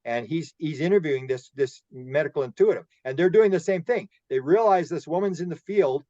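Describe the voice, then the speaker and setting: Man, guest on a roundtable, rambling storyteller, slightly higher voice, dry muffled lo-fi sound. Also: brisk, dark tone, no room sound. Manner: rambling, repeats words while telling stories. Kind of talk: casual roundtable discussion.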